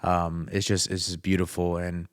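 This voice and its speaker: A man's voice: low voice, completely flat delivery, moderate pace, clean tone, dry recording, clean studio sound. A young man, a guest on an interview podcast, telling a personal story in an earnest, emotional, conversational way. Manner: earnest, emotional, faith-filled, speaks of a father's love.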